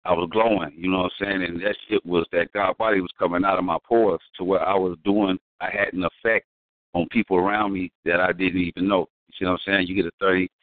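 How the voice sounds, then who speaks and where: A man's voice: deep voice, no room sound. A man talking casually in slangy speech, telling stories with emphasis. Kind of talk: casual conversation. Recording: tinny phone-like audio.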